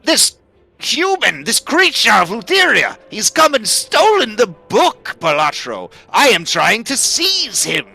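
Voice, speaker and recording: A man's voice: huge pitch swings, a little slow, creaky, sharp tone, exaggerated voice. A man voicing a desperate, pleading man who insists his hard work is at stake, in a tabletop game. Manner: frantic, high-strung pleading. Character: desperate, pleading man defending a stolen book.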